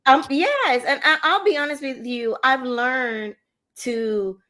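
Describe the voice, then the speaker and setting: A woman's voice: high voice, takes it slowly, pushed and bright. A woman hosting a casual talk show, upbeat and cheering on her co-hosts.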